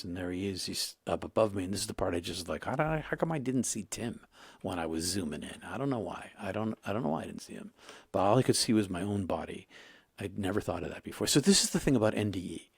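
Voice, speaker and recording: A man in his sixties, a guest in an interview, telling his story in a halting way with many restarts. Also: lowish voice, husky, no room sound, studio quality. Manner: halting, repeats and restarts, emotional retelling.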